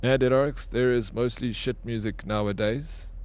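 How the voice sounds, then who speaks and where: A man's voice: medium pitch, fairly even intonation, normal speed, a little mellow. A young man streaming a video game, joking and bantering with his chat, swearing freely. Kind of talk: casual live-stream chat while gaming.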